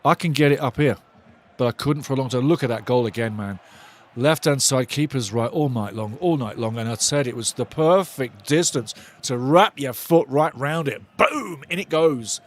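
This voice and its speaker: A man hosting a live football watch-along, shouting and swearing excitedly while calling the play and reading out chat messages. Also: medium pitch, moderate pace. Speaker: watch-along host and fan commentator. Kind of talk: live fan match commentary, reading chat.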